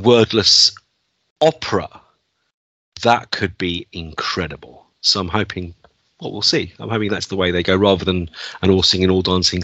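A man's voice: deep voice, sharp tone, no echo. A man co-hosting a podcast, chatting enthusiastically about films with plenty of fillers and detours. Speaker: podcast co-host. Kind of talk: casual film chat. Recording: dull, dry lo-fi sound.

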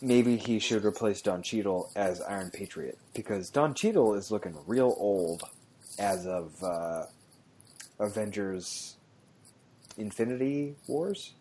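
A man with a fairly low voice rants in loose, animated podcast chat. He swears often and piles on exaggeration as he talks about films. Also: slow pace, slight background noise. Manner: animated, ranting, swears freely. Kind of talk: casual chat.

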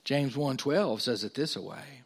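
A pastor preaching a sermon in a mid-pitched male voice. He climbs higher and louder as he reads scripture aloud, then sinks low and soft for quiet asides. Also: lively intonation, unhurried, breathy edge.

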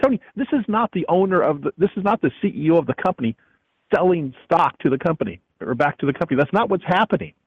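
A man's voice: on the high side, expressive, fast, vocal fry, slightly rough, dry recording, highs cut off. A man calling in from an airport as the economist guest on a radio interview, speaking emphatically and with indignation. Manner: emphatic, indignant, repeats the host's name. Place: airport, calling in while traveling.

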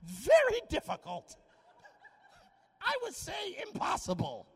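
Male preacher, high voice, lively swooping delivery, humorous, shouts for emphasis, big echoing hall. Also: slow pace, vocal fry. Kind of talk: energetic sermon.

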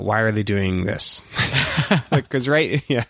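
A man co-hosting a podcast in casual chat, musing aloud and quick to laugh. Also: lowish voice, creaky, a bit bright, no room sound, clean studio sound. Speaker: podcast co-host.

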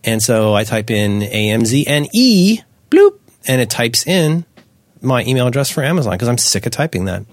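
A man's voice: mid-range voice, very animated, moderate pace, dry recording. A man co-hosting a podcast, chatting casually with wry, rambling, self-mocking asides. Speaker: podcast co-host.

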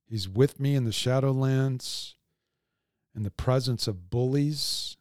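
Slow, calm male devotional speaker. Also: medium pitch, dry recording, studio quality. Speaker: devotional podcast host. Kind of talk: devotional teaching.

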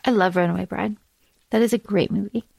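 A woman's voice: mid-range voice, fairly even intonation, fairly quick, creaky, a little mellow, dry recording. A woman co-hosting a podcast, chatting casually and gushing enthusiastically about a film. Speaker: podcast co-host. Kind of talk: casual chat.

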